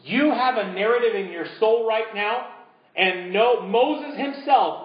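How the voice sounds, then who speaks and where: A man preaching a sermon as pastor, building to emphatic peaks and dropping to hushed prompts for the congregation. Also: high voice. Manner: drops to a hushed voice leading a congregation. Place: church sanctuary. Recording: roomy, dull church recording.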